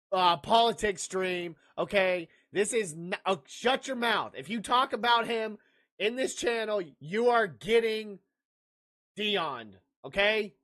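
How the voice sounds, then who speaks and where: A man's voice: high voice, pushed and bright. A brash man hosting a sports podcast live, firing off dismissive outbursts at his chat. He rants in a jokey, loose way between team picks. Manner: jokey, laughs at own lines. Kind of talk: livestreamed sports talk, answering chat.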